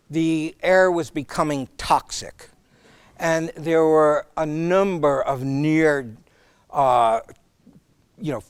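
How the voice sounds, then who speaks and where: A man's voice: on the high side, no room sound. A man speaking as a guest lecturer on leadership, telling stories with some fillers and restarts.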